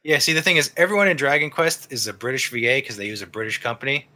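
A man's voice: mid-range voice, animated, fast, bright, forceful tone. A man casually explaining a game on a podcast, rambling and restarting his sentences as he goes. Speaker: podcast co-host reviewing a game. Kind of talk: casual chat.

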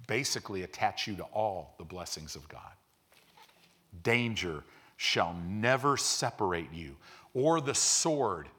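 A middle-aged male pastor preaching a sermon, shifting from quiet explanation to loud, fervent exhortation and leading the congregation in call-and-response. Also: on the low side.

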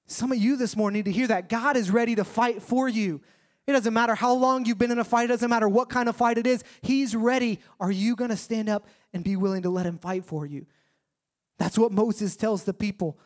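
A young male pastor delivers a sermon in a high voice. He tells the story in a casual, lively way and slips quotes into it. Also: brisk. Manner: conversational, animated storytelling with acted quotes.

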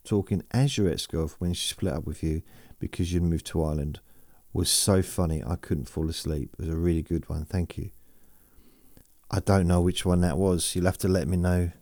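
Low, mellow-voiced man rambling. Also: no echo, studio quality. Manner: meandering, self-mocking, reads listener messages aloud. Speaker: podcast host. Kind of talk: rambling sleep podcast chat.

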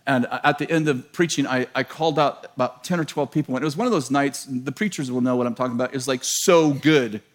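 A middle-aged man preaching a sermon, telling a story in an animated, self-mocking way and laughing often. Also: medium pitch, fast, hardly any pauses.

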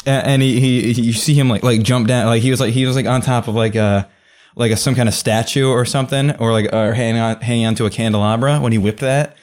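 Man, game master, tabletop game narration, rambling, mid pitch. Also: fairly even intonation, fast talker, darkish tone. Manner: rambling, many fillers.

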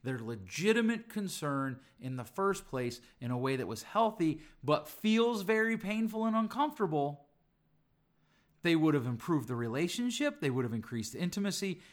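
Middle-aged male podcast host, fairly high voice, emphatic teaching delivery full of repeated lists. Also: a bit bright. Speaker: podcast host, relationship speaker.

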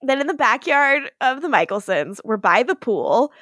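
A woman co-hosting a podcast, recapping scenes in casual chat, acting out the dialogue in quick paraphrase, swearing and laughing often. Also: high voice, expressive, a bit bright, dry recording, studio quality. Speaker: podcast co-host.

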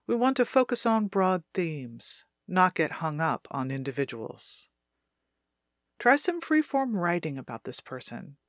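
A woman reading her own self-help audiobook aloud, calm and measured as she guides the listener through a writing exercise. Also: lowish voice, dry recording, studio quality.

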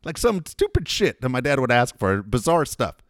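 A man's voice: mid-range voice, big pitch swings, moderate pace, no room sound, studio quality. A man in casual chat, telling a long, profane family anecdote in a rambling way.

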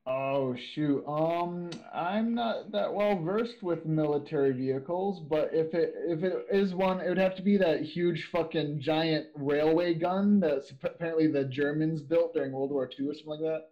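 Higher-voiced man on a dull line. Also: moderate pace, hardly any pauses. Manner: blunt, jokey one-liners with swearing. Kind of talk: casual chat.

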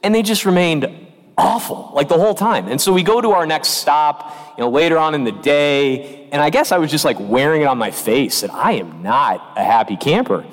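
Lively priest preaching in an echoing church. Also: male voice, a little high, moderate pace. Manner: storytelling with lively quoted voices. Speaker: pastor. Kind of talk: sermon. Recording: long reverb of a church.

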